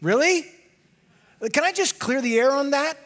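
A man preaching a sermon as pastor, animated and often dropping to a hushed low voice for emphasis. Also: a little fast.

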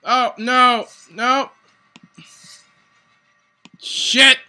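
A man giving live gameplay commentary, excitable and panicky, swearing constantly and shouting in sudden bursts. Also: extremely high pitch, very slow. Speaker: gaming channel host.

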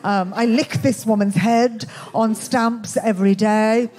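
A woman with a Birmingham accent performing a stand-up comedy set in a club, with a dry, deadpan, self-mocking delivery. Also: a little high, measured pace. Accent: Birmingham English. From England. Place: comedy club with live audience.

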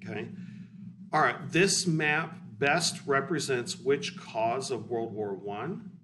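Brief: male teacher, casual blunt lecture, mid pitch, distant mic. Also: slow, sharp tone. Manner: blunt, conversational, explanatory. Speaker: history teacher. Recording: distant mic with faint hiss.

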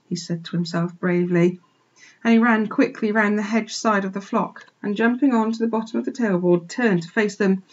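A woman teacher expressively reading a children's book aloud for a remote class, pausing to point out pictures, on a dull lo-fi recording. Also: mid-range voice. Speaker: primary school teacher. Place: home, remote lesson.

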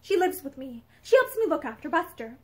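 A woman's voice: sits high, sing-song, a little fast. Woman reading as a flustered young wife. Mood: nervous.

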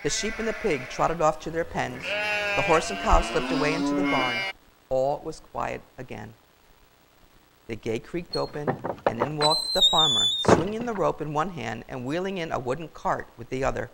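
An older woman reads a children's story aloud in a warm, expressive, grandmotherly manner. Her voice has a gravelly texture, and her pitch rises and falls in lively sweeps. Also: moderate pace, very noisy.

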